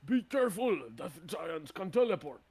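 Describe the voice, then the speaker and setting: Guy voicing a dumb hill giant, yelling, pitched way up. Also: big pitch swings, normal speed, breathy edge, heavily acted. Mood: alarmed. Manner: yelling in pain and alarm.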